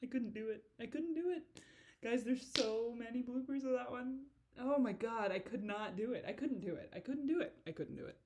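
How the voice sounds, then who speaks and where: A woman's voice: a little high, fairly quick, darkish tone. A woman giving a casual director's commentary on her own video, rambling, giggling and swearing freely.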